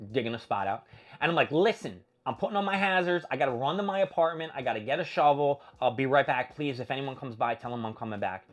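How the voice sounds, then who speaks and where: A young man tells a story on his own show in a loose, casual monologue. He is animated and swears freely, and he jumps up into frantic shouts when he acts out the tense moments. His voice sits at an ordinary middle pitch for a man. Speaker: podcast host.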